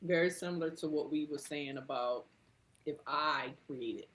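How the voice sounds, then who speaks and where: A woman co-hosting a live business talk show, speaking quietly and softly in short remarks. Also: low-pitched, normal speed, rough recording. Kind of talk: casual chat on a live broadcast.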